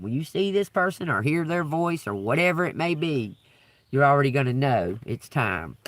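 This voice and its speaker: A man's voice: mid-range voice, recorded from a distance. A man doing a live-stream tarot reading, talking casually, swearing freely and laughing often. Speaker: tarot reader.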